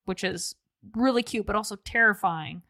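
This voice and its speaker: A young adult woman co-hosts a podcast, chatty and given to self-deprecating jokes. Her voice is of middling pitch and sits dry and close with no room sound. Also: normal speed, gravelly, bright, forceful tone, dry recording. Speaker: podcast co-host. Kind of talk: casual podcast chat.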